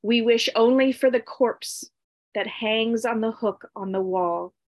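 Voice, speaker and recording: A woman voicing two small sexless creatures made of dirt who moan along softly and answer firmly. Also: a little high, measured pace, lightly acted. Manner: echoing moans, soft and steady.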